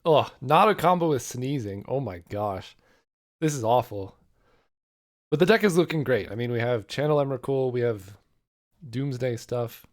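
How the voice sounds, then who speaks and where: A man talks through his choices in a loose, rambling way, stopping to weigh each option out loud. His voice is hoarse and half gone, and the delivery stays casual and conversational at an ordinary pitch. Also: expressive, moderate pace. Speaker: card game content creator. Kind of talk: casual thinking-aloud draft commentary.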